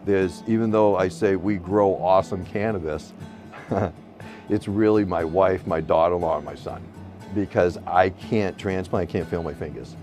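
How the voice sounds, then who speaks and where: A man's voice: low voice, steady tone, moderate pace, darkish tone, soft background music. Blunt, profane middle-aged man telling his story. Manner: blunt, profane, rambling with restarts. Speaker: medical cannabis patient and grower. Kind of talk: candid interview storytelling.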